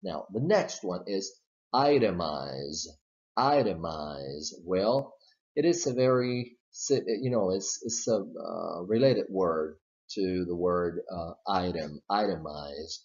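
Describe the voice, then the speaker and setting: A man with a lowish voice teaches pronunciation very slowly, laying out each rule with care. He repeats the sample words again and again so learners can copy them. The recording sounds a little dull and lo-fi. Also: darkish tone. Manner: patient, explanatory, repeats model sounds and words. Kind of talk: slow step-by-step pronunciation lesson.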